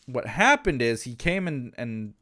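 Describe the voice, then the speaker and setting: A man tells a casual story in a loose, rambling way, often restarting sentences and wandering into asides. His voice sits at an ordinary male pitch. A faint noise runs under the recording. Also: sing-song, a little slow, pushed and bright. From Canada. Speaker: gaming channel host. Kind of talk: casual anecdote.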